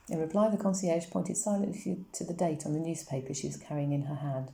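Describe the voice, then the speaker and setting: A woman reading a novel aloud in a steady, even storytelling manner. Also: low voice, fairly quick, vocal fry, few pauses. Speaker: audiobook reader. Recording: roomy echo.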